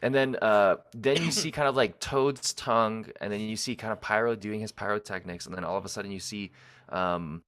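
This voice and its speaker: A man's voice: on the low side, brisk, a bit bright, no echo. A man co-hosting a podcast, casually retelling movie scenes and swearing along the way. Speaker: podcast co-host.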